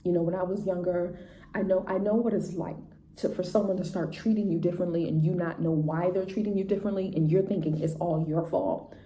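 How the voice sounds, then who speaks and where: A woman's voice: on the low side, fairly even intonation, a little fast, warm tone. A woman teacher telling a classroom story in a chatty, casual way, often checking in with "right?" and "you know". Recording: roomy echo, faint background noise.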